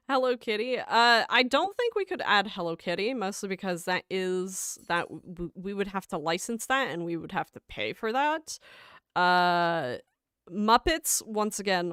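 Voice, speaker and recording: A woman hosts a game stream in an easy, rambling chat, reading viewers' names and laughing between lines. Her voice comes across smooth and clean, with a relaxed, slow pace, close to the mic in a dry room. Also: fairly low pitch, no echo. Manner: chatty and rambling, reads chat aloud, laughs often. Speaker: livestream host. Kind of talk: casual livestream chat while gaming.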